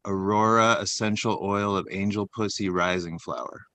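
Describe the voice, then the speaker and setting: A man co-hosting a casual comedy chat, rambling and deadpan as he reads out a long list of silly names with lots of fillers. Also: lowish voice, moderate pace, no echo. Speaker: comedy podcast co-host.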